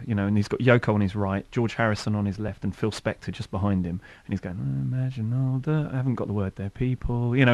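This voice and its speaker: Low-voiced chatty man telling stories. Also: no room sound. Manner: chatty, rambling storyteller. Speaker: band member. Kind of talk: casual radio interview chat. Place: radio studio.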